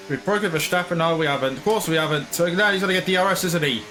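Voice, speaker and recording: A man's voice: on the high side, rapid-fire, hardly any pauses, bright, forceful tone, faint music behind. A man commentating his own racing game, frustrated and ranting. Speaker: gaming channel host.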